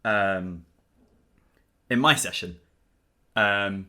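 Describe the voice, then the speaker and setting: A man co-hosting a casual podcast chat in a relaxed, agreeable way. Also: lowish voice, drawn-out words. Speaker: podcast co-host.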